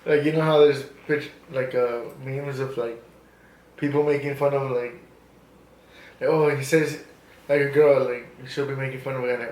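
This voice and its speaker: A young man co-hosting a podcast, chatting in a relaxed, joking and profane way. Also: mid-range voice, moderate pace, a little hiss or hum. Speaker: podcast co-host. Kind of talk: casual chat. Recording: echoey room.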